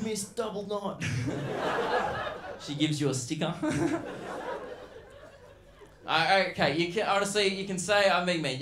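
Brash Australian comic in an echoey venue. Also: male voice, fairly high pitch, background noise. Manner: brash, crude, mocking. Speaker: stand-up comedian. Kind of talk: stand-up comedy set. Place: comedy stage before a live audience. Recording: roomy venue echo.

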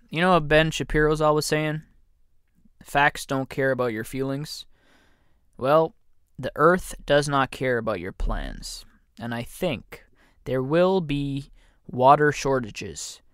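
A man's voice: medium pitch, clear, resonant tone, no echo, clean studio sound. A man hosting a comedy podcast, rambling through a joking monologue, interrupting himself and dropping into mock voices. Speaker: podcast host.

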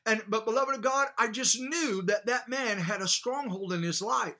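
A man's voice: high-pitched, moderate pace, pushed and bright. A man preaching a sermon with fervor, dropping in hallelujahs and telling a personal story with frequent restarts. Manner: fervent preaching with hallelujah interjections; storytelling with repeated false starts.

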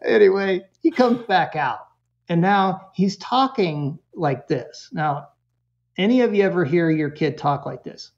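A man telling a parenting story as a podcast guest, animated and chuckling between quotes. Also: high-pitched, measured pace, dull audio.

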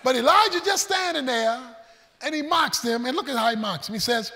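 A man preaching a sermon, storytelling with folksy humor and swinging between shouts and hushed asides. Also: very high-pitched, fairly quick, in a large hall. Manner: animated preaching, shouting and then dropping to a hush. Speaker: pastor.

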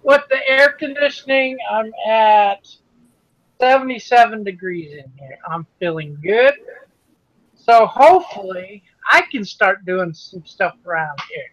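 A man's voice: high-pitched, animated, unhurried, a bit bright, dry recording, highs cut off. A man chatting casually and laughing often, talking from his home workshop on a video call.

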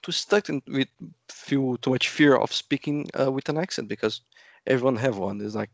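A man from Brazil, a native Portuguese speaker, chatting as an interview guest with a lively storytelling manner that acts out quotes. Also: mid-range voice, normal speed, no room sound. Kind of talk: casual interview chat.

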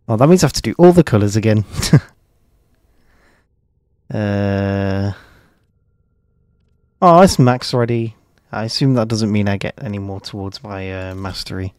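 A man's voice: lowish voice, measured pace, pauses often, a little mellow, clear, resonant tone, dry recording. A man casually commenting on his gameplay, joking and swearing at a desk microphone. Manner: joking, swearing, reacting freely. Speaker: streamer.

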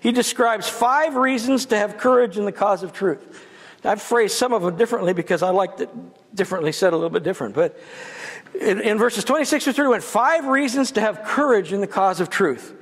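A man's voice: high voice, a little fast. A man giving a guest sermon in a church, conversational and dotted with humorous asides. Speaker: guest preacher. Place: church sanctuary. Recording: long church reverb.

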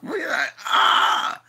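A man hosting casual reaction commentary, loud, crude and joking, often breaking into laughter. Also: fairly high pitch, heavy background noise. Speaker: host.

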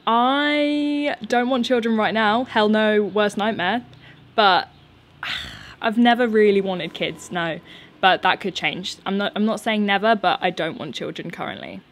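Young woman, twenties, outdoor garden vlog, chatty and giggly, mid-pitched. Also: measured pace. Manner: chatty, laughs often, nervous energy. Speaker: YouTuber answering viewer questions. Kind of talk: casual unscripted chat.

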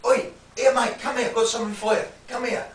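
A man playing a fake-friendly street thug who loudly coaxes someone closer, calling him mate. The voice comes from a distance in a roomy space with a faint hiss. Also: very high-pitched, level tone, fast talker, pitched above the performer's own voice. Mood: pushy coaxing. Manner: loud, coaxing, calls "mate".

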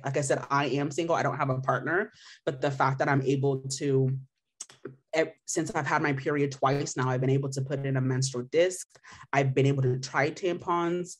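A woman's voice: deep voice, fairly even intonation, moderate pace. A young woman in her twenties from Missouri, giving a candid, emotional personal testimonial full of "like" fillers. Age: 20s. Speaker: patient sharing her story.

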